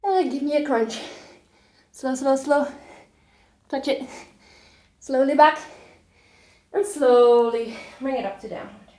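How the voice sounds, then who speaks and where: A woman's voice: sits high, a little slow, long pauses, darkish tone. Breathless woman cueing yoga, echoey room. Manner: encouraging, breathy cues with light laughter. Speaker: yoga instructor. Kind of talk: cueing a yoga workout while doing it.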